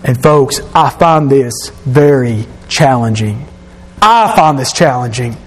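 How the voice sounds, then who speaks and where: A pastor preaching a sermon to his congregation, emphatic and rising to shouts at his key points. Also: mid-range voice, animated, slow pace, husky, faint music behind. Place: church sanctuary. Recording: long reverb of a church hall.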